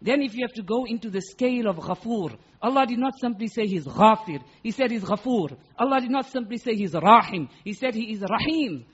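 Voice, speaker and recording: High husky man giving a sermon. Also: animated, a little fast, few pauses, muffled recording. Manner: emphatic, repeats words for stress, acts out quoted voices. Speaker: Islamic preacher. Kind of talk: sermon explaining Quranic Arabic.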